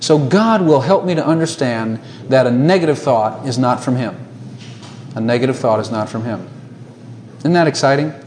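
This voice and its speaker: A man preaching a sermon to a congregation, animated, laughing often and asking rhetorical questions. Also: medium pitch, normal speed, a little hiss or hum.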